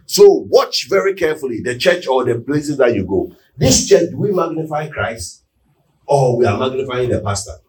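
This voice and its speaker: A man preaching a sermon, often asking the congregation whether they are with him and building to loud, emphatic peaks. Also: medium pitch, big pitch swings, moderate pace. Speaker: pastor. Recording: echoey room, mic at a distance.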